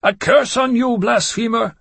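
A man's voice: very high voice, fairly even intonation, measured pace, creaky, a bit bright, breathy edge, dry recording, voice pushed up, heavily acted. A man screaming as a shrieking mob of fanatic vampires. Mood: cursing. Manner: screaming curses, frenzied.

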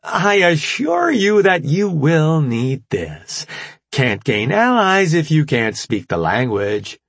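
A man voicing a bubbly, eager young female chief scientist in an audiobook, pitching up high and chirpy. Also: big pitch swings, takes it slowly, husky, dry recording, exaggerated voice.

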